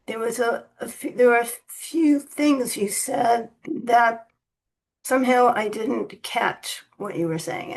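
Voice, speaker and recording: A woman's voice: medium pitch, poor audio. A woman at a satsang asking the teacher a question, hesitant and searching for words.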